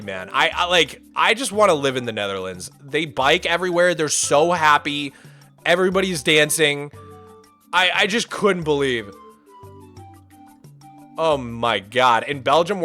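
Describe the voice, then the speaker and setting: A man streaming and telling a story in a casual, rambling way, animated and full of "like" and restarts. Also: fairly high pitch. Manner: animated, rambling, repeats himself, lots of "like".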